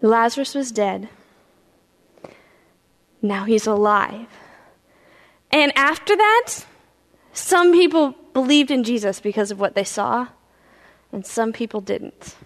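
A woman pastor telling a Bible story in a sermon, animated, acting out the characters' voices. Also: fairly high pitch, slow, long pauses. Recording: reverberant hall.

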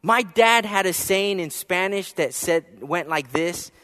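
A man preaching a sermon, telling a personal story, with soft asides and emphatic rises. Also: sits high, measured pace, in a large hall. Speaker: pastor.

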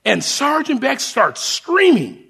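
A male preacher tells a personal story from the pulpit as an animated sermon. His voice sits high and swings widely in pitch. It has a bright, gravelly edge. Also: takes it slowly. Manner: animated storyteller addressing a congregation.

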